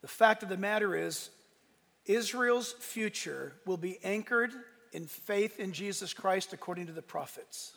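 Pastor guy preaching hard, gravelly voice, big echoey church sound. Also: high voice, fairly bright tone. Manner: impassioned preaching, rising and falling in force. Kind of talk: sermon. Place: church sanctuary. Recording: long reverb of a large hall.

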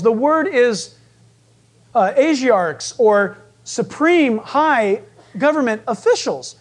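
Animated, joking male preacher. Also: very high voice, takes it slowly. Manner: animated, joking, acts out voices. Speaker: pastor. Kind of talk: sermon.

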